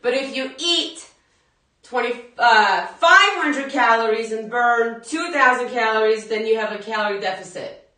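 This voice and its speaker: A woman's voice: fairly high pitch, a little slow, bright, forceful tone, distant mic. Chatty woman fitness instructor, echoey room. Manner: chatty, laughing, talks straight to viewers. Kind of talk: live workout class talk.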